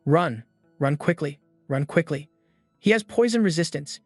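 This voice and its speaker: A man's voice: fairly high pitch, lively intonation, unhurried, no echo, faint music behind. A man voicing a swarm of man-eating demon flowers that moan in a repetitive chant. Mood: panicked.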